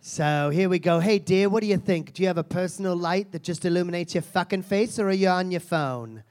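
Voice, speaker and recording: A man's voice: sits high, fairly quick, darkish tone, lightly acted. A man playing a crude, foul-mouthed lady self-help guru. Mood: brash. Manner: crude, mocking, insulting the audience. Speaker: comedian performing a character. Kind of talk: live stand-up character act.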